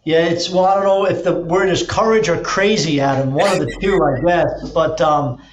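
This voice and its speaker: Man, fairly high voice, energetic storyteller, roomy dull recording. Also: moderate pace. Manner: energetic storyteller, acts out quotes, many restarts. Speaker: podcast guest, auto dealer and drag racer. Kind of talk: casual interview talk.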